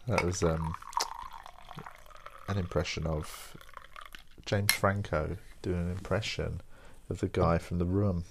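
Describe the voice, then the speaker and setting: Man, young adult, podcast host, very deep voice, tired, rambling, wry. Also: steady tone, slow pace, pauses often, a little hiss or hum. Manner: rambling, wry and self-mocking. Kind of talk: casual solo chat.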